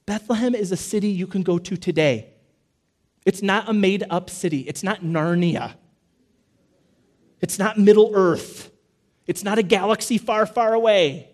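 A man delivers a sermon with emphatic repetition, his voice sitting high for a man yet sounding warm and mellow. He slows down to stress key phrases and often sinks into quiet, low asides. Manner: emphatic, repetitive preaching with slow stressed phrases and sudden drops. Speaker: pastor.

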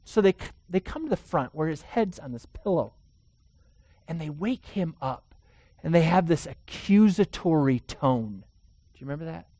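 A pastor delivering a sermon in a dry, close recording. The voice sits at a middle pitch and swings from loud, urgent passages to hushed, near-whispered ones. Rhetorical questions are put straight to the audience. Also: expressive, moderate pace, dry recording.

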